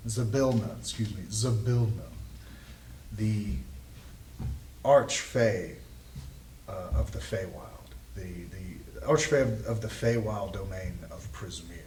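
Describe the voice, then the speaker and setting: A man voicing a soft-spoken, secretive male fey mimic in a tabletop game, slow and hushed. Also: on the low side, reverberant, recorded from a distance, a little hiss or hum, low-quality recording.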